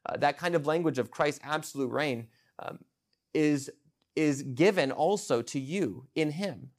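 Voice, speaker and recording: A man's voice: on the high side, measured pace. A man preaching an expository sermon in an earnest, emphatic way, with frequent restarts and fillers.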